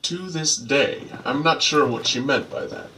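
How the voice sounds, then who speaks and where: A man's voice: mid-range voice, moderate pace, pushed and bright, slight background noise, rough recording. An actor gives a film voice-over as a man recounting his past to his kids, in a reflective, storytelling way.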